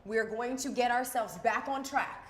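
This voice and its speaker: A woman's voice: fairly high pitch, moderate pace, slight background noise. A woman co-hosting a live charity broadcast, bubbly, playful and emphatic. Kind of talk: lively live-stream chat. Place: broadcast set in Philadelphia.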